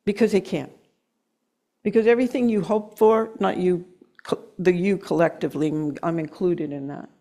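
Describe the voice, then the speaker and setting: A middle-aged woman with a lowish voice delivers a heartfelt sermon. She slows down to stress her points, and it turns emotional and lightly self-mocking. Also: warm tone. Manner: earnest, emotional, with slow emphatic stretches and laughs. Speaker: guest speaker.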